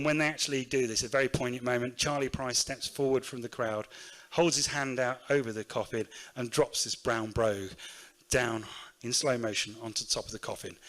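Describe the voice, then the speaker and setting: A middle-aged man with a Northamptonshire accent, telling anecdotes in a storytelling talk at a conference. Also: medium pitch. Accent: Northamptonshire English. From England. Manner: lively anecdotal storyteller, acts out quotes. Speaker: keynote speaker, shoe factory owner. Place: conference room.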